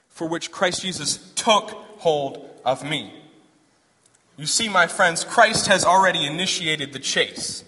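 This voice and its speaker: A young male preacher delivering a sermon in an easy, conversational way, piling up rhetorical questions. His voice is bright and slightly high, and the sound carries a long hall reverb. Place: large church hall. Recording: echoey hall.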